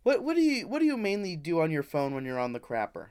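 Young man with a smooth, slightly high voice. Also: wildly swooping pitch, fast, darkish tone. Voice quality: crude, rambling jokey delivery. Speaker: podcast co-host. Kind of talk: casual comedic chat.

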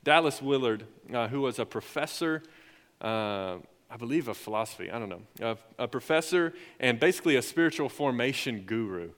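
Young youth pastor, animated storyteller, mid-pitch, sermon in a reverberant church hall. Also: male voice, fairly quick. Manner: lively storytelling, rising excited for stories. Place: church sanctuary.

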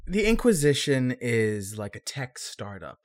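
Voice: mid-range voice, sing-song, unhurried. A let's play co-commentator chatting over gameplay in a playful, joking way.

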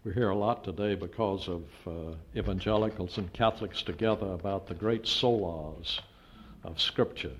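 An older man preaching a sermon, emphatic, with his voice rising to loud peaks when he stresses a point. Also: low voice, moderate pace, a little hiss or hum. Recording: dull lo-fi sound.

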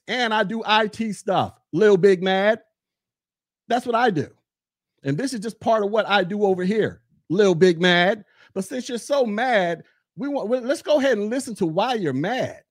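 A man rants on his podcast, mocking a rival and coming back again and again to the same taunts. His voice sits high for a man. It is recorded close and dry, with no room sound. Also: no echo. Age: 40s. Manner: mocking, heated, repeats taunts. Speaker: podcast host. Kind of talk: casual commentary rant.

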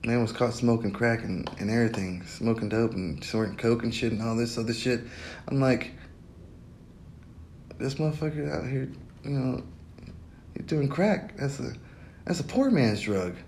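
A man's voice: mid-range voice, moderate pace, long pauses, a little mellow, a little hiss or hum. A young man hosting a podcast alone, rambling in a casual monologue, swearing constantly and breaking into laughter. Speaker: podcast host.

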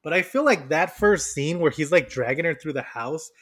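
A man's voice: on the high side, lively intonation, moderate pace, a bit bright, breathy edge. A man co-hosting a podcast, casually and animatedly retelling movie scenes and laughing as he goes. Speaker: podcast co-host. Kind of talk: casual chat.

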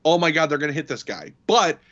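Rambling man co-hosting, slightly high voice. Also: sing-song, fast, a bit bright. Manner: rambling, filler-heavy retelling of scenes. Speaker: podcast co-host. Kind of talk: casual movie-discussion chat. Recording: dull lo-fi audio.

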